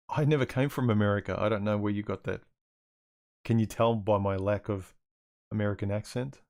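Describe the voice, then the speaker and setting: Australian male livestream host, lowish voice, musing, restarts often, reads chat aloud. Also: steady tone, moderate pace, pauses often, a little mellow.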